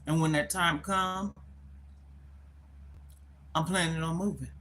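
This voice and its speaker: A woman's voice: low voice, fairly even intonation, slow pace, a bit bright. A middle-aged woman talking candidly on a live stream from her phone. She is worried and close to tears, and she rambles and repeats herself. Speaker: livestreamer.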